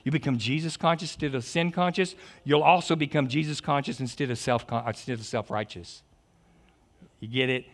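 A man preaching a lively sermon, joking, stammering and restarting his sentences. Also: medium pitch, fairly quick. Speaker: pastor.

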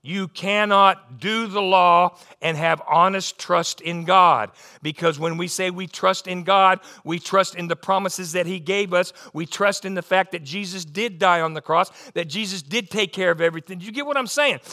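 A middle-aged man preaching a sermon, animated, often restarting and repeating words. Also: high voice. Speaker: pastor.

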